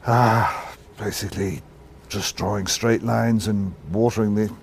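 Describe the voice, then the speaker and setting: A man's voice: lowish voice, fairly even intonation, measured pace, gravelly, slight background noise. A man in his sixties, born in Ireland, telling stories in a candid interview, reflective and self-deprecating, restarting his sentences often. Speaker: actor guest.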